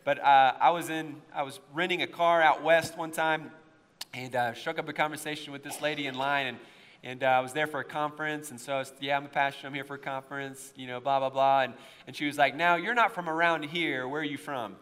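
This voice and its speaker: A pastor with a faint East Tennessee accent preaching a sermon, swinging into loud, impassioned stretches when he stresses a point. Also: mid-range voice, flat delivery, a little fast, clean tone. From United States. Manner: impassioned preaching, rising to near-shouts at emotional peaks. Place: church sanctuary. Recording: long hall reverb.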